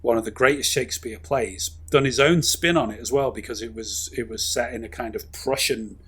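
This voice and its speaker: Husky, rambling man. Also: medium pitch, fairly quick, fairly bright tone. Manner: rambling, enthusiastic, many fillers and asides. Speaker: podcast co-host. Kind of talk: casual film review chat.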